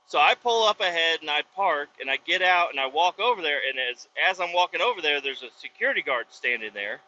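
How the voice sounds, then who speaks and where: A man casually telling a profane, animated story from inside his pickup truck with the windows down, recorded on a phone. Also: fairly high pitch, fairly quick. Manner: profane, animated, acts out voices in retelling. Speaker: vlogger and truck driver. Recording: slightly dull lo-fi audio, faint road noise.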